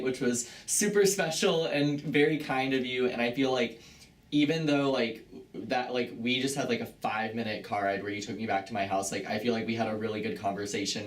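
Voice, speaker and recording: A young man in his twenties giving emotional farewell tributes at a banquet, rambling with lots of fillers and laughing at himself. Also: medium pitch. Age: 20s. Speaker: student tour guide giving farewell tributes. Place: banquet room indoors.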